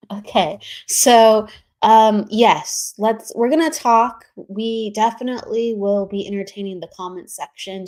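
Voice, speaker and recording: Woman host on a livestream, middle pitch, chatty and laughing a lot, saying hi to everyone. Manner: chatty, warm greetings by name, laughs often. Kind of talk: casual livestream chat, greeting viewers. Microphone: streaming setup, remote.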